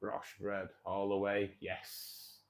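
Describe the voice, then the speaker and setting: A middle-aged Englishman hosts a casual live stream, rambling on and laughing as he answers viewer comments. His voice sits fairly low with a gravelly, creaky edge. His delivery stays loose and chatty. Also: monotone, slow, poor audio. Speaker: livestream host of a fishkeeping club.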